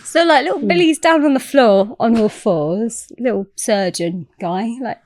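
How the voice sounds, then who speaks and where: A woman's voice: fairly high pitch, measured pace, a little mellow. A woman telling a story as a podcast guest, chatty and swearing freely. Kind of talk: casual storytelling.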